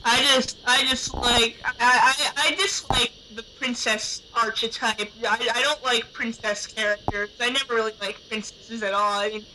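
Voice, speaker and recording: A woman's voice: on the high side, fairly even intonation, moderate pace, hardly any pauses, background noise. A woman in a casual chat, talking hesitantly and filling her sentences with "you know" and "I mean.". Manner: hesitant, many fillers.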